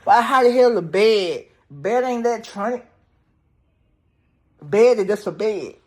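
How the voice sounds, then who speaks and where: A man's voice: high-pitched, lively intonation, a little slow, darkish tone. A man casually recapping a movie's plot in a loose, profane, slang-heavy way, peppered with "damn, bro". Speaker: movie reviewer.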